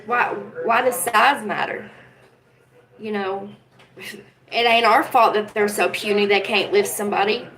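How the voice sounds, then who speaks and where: A woman's voice: mid-range voice, fairly even intonation, a little slow, long pauses, a bit bright, rough recording. A woman hosting a casual livestream from home, talking earnestly and with feeling to her chat viewers. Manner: earnest, emotional, talks straight to chat viewers. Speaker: livestream host.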